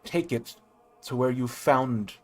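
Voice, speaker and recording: Man voicing a slow solemn spirit of purity. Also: mid-range voice, a little mellow, lightly acted. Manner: slow, grave, commanding.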